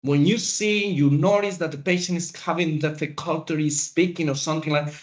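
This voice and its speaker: A man teaching a class, lecturing in a slow, deliberate way with pauses. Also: a little high, steady tone. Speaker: instructor.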